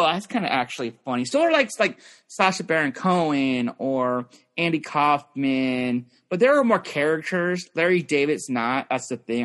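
A man's voice: a little high, fairly bright tone. A young man in casual chat, rambling with lots of fillers and restarts.

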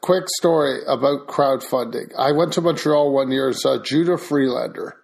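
A man's voice: mid-range voice, moderate pace, gravelly, darkish tone. A man hosting a casual chat, blunt and teasing, telling stories in a dry way.

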